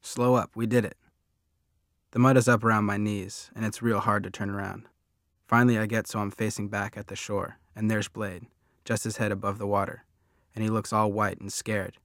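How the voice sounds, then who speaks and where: Narrador de audiolibro de voz grave y monótona. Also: male voice, lowish voice, level tone, a little fast, fairly bright tone, no echo, clean studio sound. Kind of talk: first-person audiobook narration.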